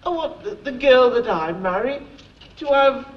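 An actor playing a timid, dreamy young prince who pleads to sing, from lo-fi film audio. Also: male voice, extremely high pitch, lively intonation, a little slow. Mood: pleading. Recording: dull old film audio with music.

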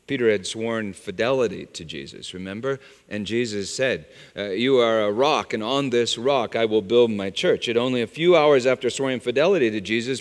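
A middle-aged man preaching a sermon, telling a story and weaving in scripture references. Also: fairly bright tone. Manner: storytelling with scripture references, pitch rising and falling widely. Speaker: pastor. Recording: long hall reverb.

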